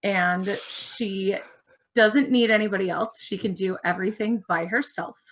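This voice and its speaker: A woman describes her game character in an easygoing, casual way over a video call. She takes her time and talks at an unhurried pace. Her voice sits at an ordinary middle pitch. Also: fairly even intonation, a little hiss or hum. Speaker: player.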